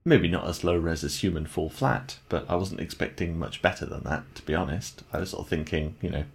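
A man's voice: low voice, fairly quick, creaky, slightly rough. A man co-hosting a podcast, rambling and amused in a casual game review chat. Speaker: podcast co-host.

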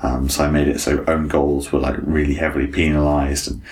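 Game podcast co-host: man, very low voice, enthusiastic casual reviewer. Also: flat delivery, a little fast, a little mellow. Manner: enthusiastic, laughs often.

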